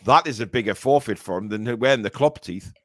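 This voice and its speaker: A man's voice: medium pitch, a little fast. A man hosting a fan podcast in casual live chat, rambling and teasing with plenty of hesitations. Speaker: podcast host.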